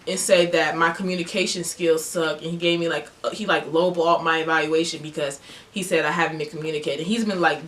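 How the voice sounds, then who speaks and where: A young woman vlogger telling a story-time tale in a heated, animated way, full of "like" fillers. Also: on the low side. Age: young adult.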